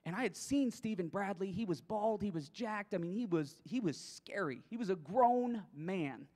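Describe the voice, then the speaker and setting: A man's voice: high voice, expressive, normal speed, a little mellow, long reverb tail. A man giving a motivational keynote to coaches, telling a personal story and acting out his own thoughts. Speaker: speaker at a coaches' conference.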